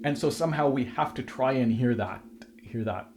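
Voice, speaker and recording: A man's voice: mid-range voice, moderate pace. Man teaching harp, counting beats aloud. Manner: counts beats aloud while playing, many restarts. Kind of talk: music lesson explaining rhythm.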